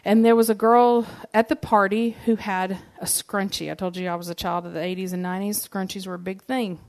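A woman's voice: mid-range voice, steady tone, brisk, a little mellow. A woman, giving a sermon and telling personal stories in a conversational, humorous way. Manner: conversational and humorous, addresses the audience directly. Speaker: speaker giving a church message.

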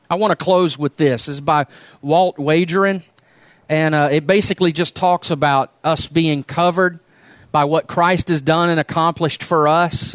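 A male pastor closing his sermon by reading a story aloud in an earnest, unhurried way. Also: on the high side, dry recording.

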